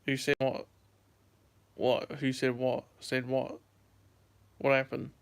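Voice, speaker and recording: A man's voice: medium pitch, completely flat delivery, takes it slowly, gravelly, smooth. A young man in his late teens from the United States, chatting casually on a phone livestream, rambling and repeating himself as he answers chat. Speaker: YouTuber livestreaming. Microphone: handheld phone.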